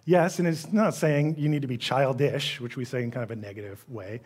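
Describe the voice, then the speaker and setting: A man preaching a sermon as pastor, animated, acting out the voices he quotes and swinging between loud, emphatic lines and hushed ones. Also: mid-range voice, fairly quick, husky.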